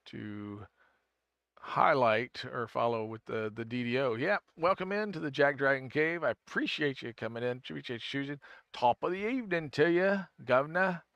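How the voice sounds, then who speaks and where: A man's voice: mid-range voice, vocal fry, a bit bright, dry recording. A man streaming a game, chatting casually with viewers and thinking aloud, often restarting his sentences. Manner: rambling, thinks aloud, answers chat; frequent self-restarts. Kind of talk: casual live-stream chat.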